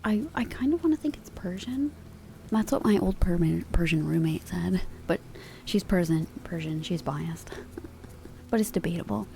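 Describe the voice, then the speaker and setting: A woman streaming live ASMR, chatting casually and playfully, drifting between soft whispers and quiet talk from a home sound booth. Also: fairly low pitch, normal speed, vocal fry, a little hiss or hum.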